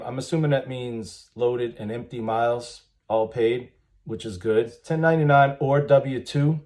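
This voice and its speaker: A man's voice: medium pitch, darkish tone. A man, reading job ads aloud and commenting bluntly and wryly, chuckling often. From United States. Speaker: trucking channel host.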